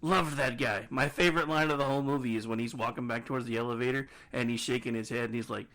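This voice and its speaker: A man's voice: mid-range voice, steady tone, fast, hardly any pauses, a bit bright. A man chatting casually as a podcast co-host, enthusiastic and profane. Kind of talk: casual chat.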